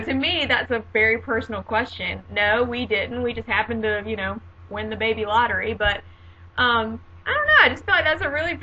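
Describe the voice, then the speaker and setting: A woman in her late twenties chatting casually on her video diary, sarcastic and quick to laugh. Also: on the high side, pushed and bright, highs cut off. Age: 20s. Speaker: vlogger.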